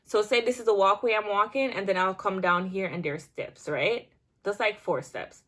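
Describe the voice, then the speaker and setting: A young woman vlogger telling a casual storytime, chatty and animated, with many restarts and filler words. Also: medium pitch, normal speed.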